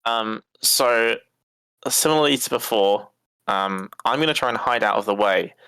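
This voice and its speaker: A man's voice: on the low side, moderate pace, creaky, sharp tone, clean tone, dry recording. A man playing a tabletop game, hesitant and full of fillers. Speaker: player. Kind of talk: casual tabletop game play.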